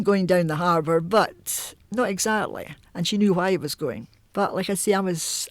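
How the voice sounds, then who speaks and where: A woman's voice: lowish voice, dry recording, studio quality. Chatty older Scottish woman reminiscing. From Newhaven, Edinburgh, Scotland. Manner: chatty, animated, laughs often. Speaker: oral history interviewee. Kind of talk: reminiscing storytelling.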